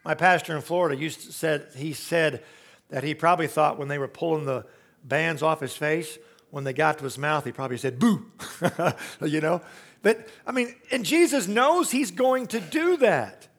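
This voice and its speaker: A man's voice: moderate pace, creaky. Man preaching with big swings in volume. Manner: swings from loud, rising emphasis to very soft, low tones; storytelling preacher who acts out quotes. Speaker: pastor. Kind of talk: sermon.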